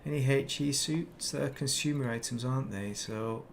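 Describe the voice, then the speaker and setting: British male streamer, grumbly casual commentary, middle pitch, noisy background. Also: moderate pace, creaky. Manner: grumbling, muttering and swearing at the game. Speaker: game streamer.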